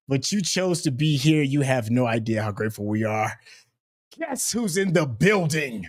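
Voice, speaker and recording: A man's voice: medium pitch, lively intonation, measured pace, dry recording, clean studio sound. A man hosting a casual livestream, talking straight to his viewers in a hyped, slangy way. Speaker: livestream host.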